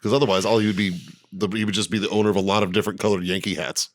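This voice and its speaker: Man, lowish voice, crude jokes, casual podcast banter. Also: little pitch movement, racing. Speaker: podcast co-host. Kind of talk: casual chat.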